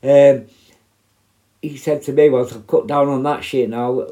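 A middle-aged man, in an average pitch, spins rambling stories from his days as a prison officer. He talks bluntly and swears freely in a casual, conversational way. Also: steady tone, a little slow, warm tone. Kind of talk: casual storytelling.

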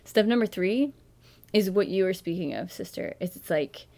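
A woman's voice: mid-range voice, expressive, normal speed, gravelly, darkish tone. A woman in casual faith conversation, earnestly walking a listener through steps of prayer.

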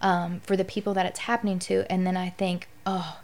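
A woman's voice: fairly low pitch, level tone, fairly quick, darkish tone. A middle-aged woman speaking candidly and with emotion as a guest in a conversational interview.

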